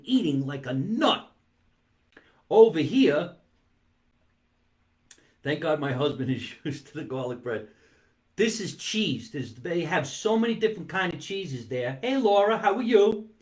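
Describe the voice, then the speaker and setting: Animated man hosting a comic show. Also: on the high side. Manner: animated, playful, drawn-out emphasis on words; talks while eating. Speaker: comedy talk show host. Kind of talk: live-streamed comic monologue. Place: home basement.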